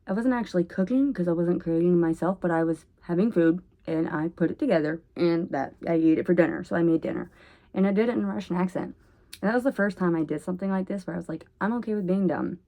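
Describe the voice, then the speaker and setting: A woman rambling in a casual vlog monologue at home, oversharing and jumping between topics with sudden loud bursts. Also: fairly low pitch, fast talker. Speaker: vlogger.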